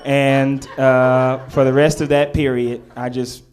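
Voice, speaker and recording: A young man doing live stand-up, telling a story, acting out voices and rising to near shouts. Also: mid-range voice, little pitch movement, slow pace, background noise. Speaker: stand-up comedian.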